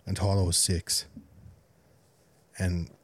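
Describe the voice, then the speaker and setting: A man's voice: sits low, little pitch movement, slow pace, slightly rough. A young man co-hosting a podcast, telling a laughing, swearing anecdote in casual chat. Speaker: podcast co-host.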